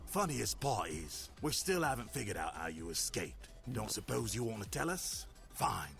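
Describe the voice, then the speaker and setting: An actor playing a gruff, taunting male snake henchman in a video game, with a sneering drawl. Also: on the low side, big pitch swings, moderate pace, fairly bright tone, faint music behind, full character voice. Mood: menacing.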